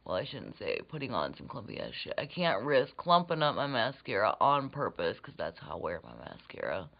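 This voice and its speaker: A woman's voice: a bass voice, sing-song, brisk, creaky. A woman rambling through a casual makeup tutorial, swearing freely and slipping into whispered asides. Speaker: beauty vlogger. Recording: dull lo-fi recording.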